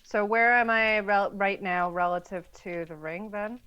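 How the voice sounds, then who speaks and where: A woman's voice: mid-range voice, unhurried, clear, resonant tone, highs cut off. A woman playing a tabletop game in casual chat, hesitant and often checking the rules. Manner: hesitant, asking rules questions. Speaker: player.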